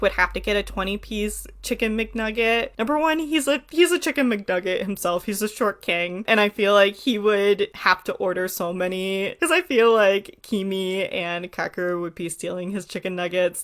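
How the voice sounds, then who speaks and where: A woman's voice: medium pitch, fairly bright tone. Young female YouTuber, casual and playful, mid-range voice. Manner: chatty and playful, lots of "like" and little laughs. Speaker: anime commentary YouTuber. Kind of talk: casual solo commentary.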